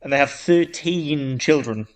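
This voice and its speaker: A man's voice: medium pitch, a little slow. Man rambling through a long joke. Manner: rambling storyteller, frequent restarts. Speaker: podcast co-host. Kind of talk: casual chat, joke telling.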